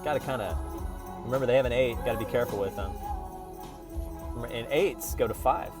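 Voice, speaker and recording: A man's voice: mid-range voice, brisk, over music. A man from Oklahoma talking casually to camera in a rambling, playful travel vlog, full of restarts. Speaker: vlogger.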